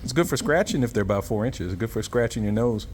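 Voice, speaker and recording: Man, casual vlog talk, rambling and candid, handheld camera, loud street noise behind. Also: medium pitch, lively intonation, fast talker. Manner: candid, rambling, talks to a puppy. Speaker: vlogger. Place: Thailand, indoors and out. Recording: noisy street ambience.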